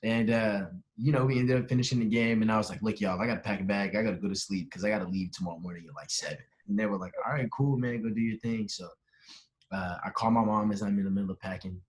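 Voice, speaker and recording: Here is a young man with a somewhat low voice, chatting as a podcast guest. He tells his story with animation and jumps into the voices of the people he quotes. His talk is relaxed and casual. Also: fast. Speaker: podcast guest, professional baseball player.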